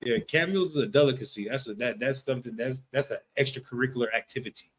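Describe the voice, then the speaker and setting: Speaking fast in a mid-range, slightly bright voice, this man runs a relaxed religious class discussion. His delivery is loose and repetitive, and he keeps asking his listeners "you know what I'm talking about."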